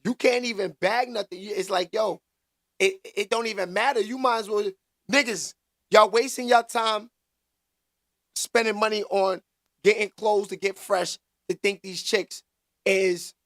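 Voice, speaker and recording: A slangy, emphatic man with a notably high-pitched voice hosts a casual commentary vlog. He talks in loose street slang and keeps circling back to the same catchphrases. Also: steady tone, unhurried, fairly bright tone, dry recording, clean studio sound.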